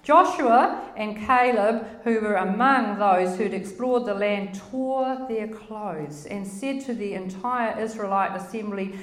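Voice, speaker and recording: A woman's voice: mid-range voice, takes it slowly, hardly any pauses. A woman with a crackly voice giving a conversational Bible teaching, emphatic and full of rhetorical questions. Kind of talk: conversational sermon. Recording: roomy echo.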